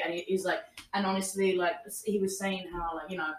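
A young woman telling a story in casual chat, animated, acting out what people said and laughing often. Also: on the low side, quick pace, few pauses, recorded from a distance. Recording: roomy, a little off-mic.

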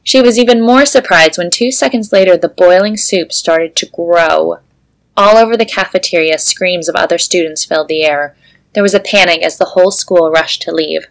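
Low-ish, giggly woman podcast host reading fan fiction aloud. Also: moderate pace, creaky. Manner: giggly, laughs often while reading.

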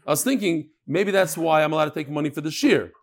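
A man's voice: fairly high pitch, fast. A man, teaching a Talmud class and telling stories with Hebrew and Yiddish terms.

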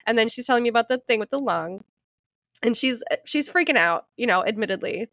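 A woman in her thirties chatting on a podcast, high-pitched and animated as she tells a story. She swears freely and laughs often. The sound is close and dry, with no room echo. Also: brisk. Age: 30s. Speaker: podcast co-host. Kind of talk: casual chat.

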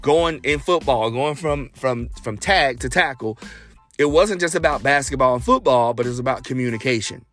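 A man hosting a podcast, telling a personal story in a casual, animated way and acting out the dialogue. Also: normal speed, soft background music. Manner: animated, acts out quoted dialogue with big pitch jumps. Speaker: podcast host.

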